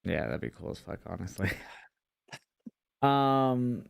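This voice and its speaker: Animated man recapping wrestling, swearing freely. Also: medium pitch, takes it slowly, creaky, clean tone, no room sound, clean studio sound. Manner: animated storytelling, swears often, acts out quotes. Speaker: wrestling podcast co-host. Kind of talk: casual chat recapping wrestling shows.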